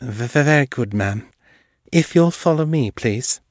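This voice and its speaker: Man voicing a polite young receptionist, nervous, stammers, lifted pitch, dry sound. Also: expressive, unhurried, no room sound. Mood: flustered.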